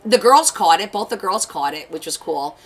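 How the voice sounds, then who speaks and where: A woman's voice: mid-range voice, expressive, normal speed, rough recording. A woman hosting a craft livestream, chatting casually and telling stories while she works. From Portuguese family. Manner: chatty storytelling, reads viewer comments aloud.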